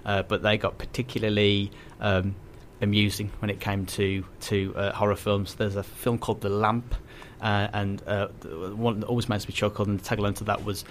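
A man on a radio chat as an enthusiastic guest, talking in halting restarts and often chuckling. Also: lowish voice, flat delivery, slight background noise.

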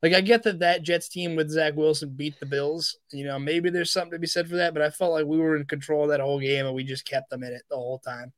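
A man's voice: a little high, steady tone, fast, few pauses, dry recording, studio quality. A young man hosting a casual sports podcast, chatty and full of fillers. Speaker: podcast host.

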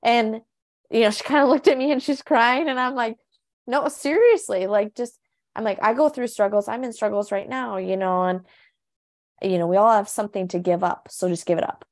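A woman's voice: fairly high pitch, a little fast, no room sound, studio quality. A young woman co-hosting a faith podcast, talking earnestly and casually with lots of fillers. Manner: earnest, chatty, lots of "you know" and "honestly". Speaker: podcast co-host, coach.

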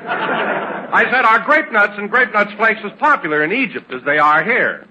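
A man's voice: high voice, animated, moderate pace, pushed and bright, breathy edge, heavily acted, poor audio. A man as the announcer of a 1940s radio comedy, with a hearty announcer delivery.

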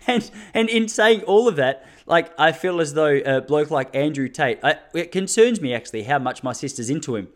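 A man's voice: a little high, expressive, normal speed, hardly any pauses. An Australian man in his thirties hosting a solo podcast, talking intensely and laughing between his points. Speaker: podcast host. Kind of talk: casual solo podcast monologue.

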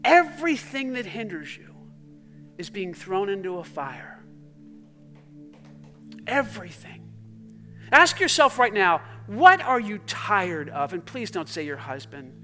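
Male pastor, very high voice, fervent sermon, hushed-to-loud swings, faint music behind. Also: very animated, measured pace, pauses often. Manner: swings between fervent exclamations and hushed, soft passages; jokey asides to the congregation.

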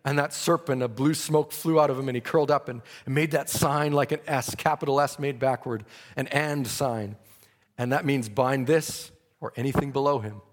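A man's voice: medium pitch, fairly even intonation, moderate pace, in a large hall. A man preaching a sermon, telling a story dramatically and breaking into praise.

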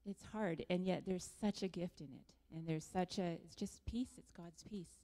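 Low gravelly woman encouraging in a hall. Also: normal speed, dark tone. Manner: reflective, encouraging. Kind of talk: church testimony sharing. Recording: long reverb of a large room.

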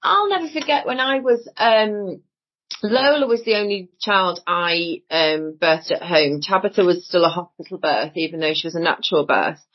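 A woman's voice: fairly low pitch, moderate pace. A woman with a Northern English accent, talking in a blunt, emphatic way as a guest in a casual podcast conversation, and she swears freely. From Northern England. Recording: dull lo-fi audio.

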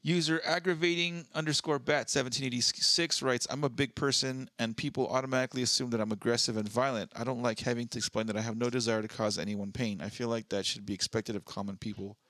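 A man's voice: medium pitch, steady tone, fast talker, hardly any pauses, a bit bright, no room sound, clean studio sound. A man co-hosting a podcast, reading online posts aloud in a laid-back, casual way. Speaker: podcast co-host.

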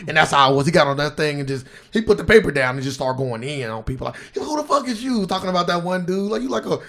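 A man with a slightly higher voice and a gravelly, fry-laden edge hosts a casual podcast chat. He tells stories with animation, jumping up to loud, acted-out quotes. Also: rapid-fire. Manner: animated storytelling, acts out quotes loudly. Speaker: podcast host.

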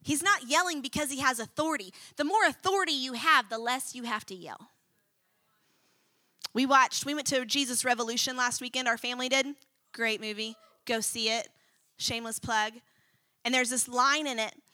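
A woman preacher delivering a sermon to students, expressive and emphatic, reading scripture dramatically. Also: high-pitched, normal speed, no room sound.

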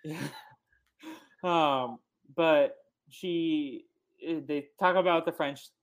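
A man's voice: a little high, clean tone. A man hosting a podcast, chatting loosely about a film with many fillers. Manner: chatty, halting with fillers, acts out quotes. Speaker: podcast host. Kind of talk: casual chat recapping a film.

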